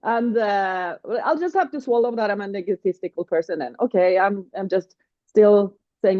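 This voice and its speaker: Guest, female, halting and searching for words, muffled lo-fi sound. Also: medium pitch, no echo. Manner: hesitant, many fillers, laughs while telling stories. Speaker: podcast guest. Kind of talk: casual conversation.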